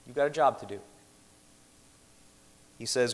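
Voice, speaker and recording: Earnest preacher in a reverberant hall. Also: male voice, medium pitch, fairly bright tone. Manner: earnest, measured, with slowed emphatic quotations. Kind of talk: sermon.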